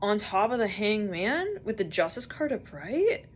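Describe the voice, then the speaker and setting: A woman giving a rambling, chatty tarot reading, full of fillers and quick acted-out quotes. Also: mid-range voice, sing-song, a little hiss or hum. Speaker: tarot reader. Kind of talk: casual tarot reading monologue.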